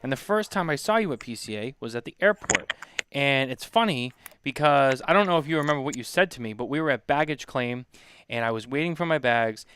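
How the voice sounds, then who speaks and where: A man's voice: medium pitch, fairly quick, clean tone. A man in his late twenties, co-hosting a casual talk show and telling a long, laughing anecdote. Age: 20s. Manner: laughing storyteller, animated impressions. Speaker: podcast co-host. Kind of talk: casual chat.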